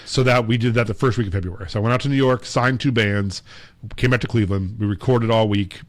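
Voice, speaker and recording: A man's voice: fairly low pitch, quick pace, no room sound. A man co-hosting a podcast, telling long casual stories with lots of fillers and acted-out quotes. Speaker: podcast co-host. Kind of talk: casual storytelling chat.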